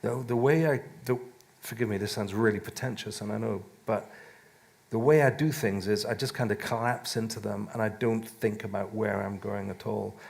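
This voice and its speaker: Gravelly-voiced man rambling on a panel. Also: fairly low pitch, steady tone, normal speed. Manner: rambling, self-interrupting, laughs often. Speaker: musician and author on a panel. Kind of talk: casual panel talk. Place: live event stage.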